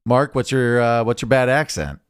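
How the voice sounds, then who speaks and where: Regular guy hosting a movie podcast, middle pitch, chill, moves things along. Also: lively intonation, normal speed, clear, resonant tone, no echo, clean studio sound. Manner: easygoing, steers the segments. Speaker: podcast host. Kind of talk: casual chat.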